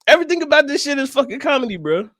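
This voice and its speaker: A man's voice: extremely high pitch, very animated, rapid-fire, a bit bright, dry recording, clean studio sound. A man co-hosting a podcast, talking animatedly and profanely about a movie and laughing often. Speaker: podcast co-host. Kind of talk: casual movie review chat.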